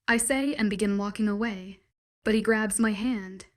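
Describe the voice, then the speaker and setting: A woman narrating a first-person story in a steady, even reading voice. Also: mid-range voice, normal speed.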